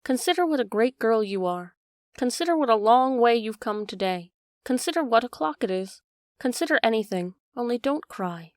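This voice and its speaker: A woman voicing a fussy, excitable old queen in a storybook reading. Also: on the high side, normal speed, no echo, studio quality, lightly acted.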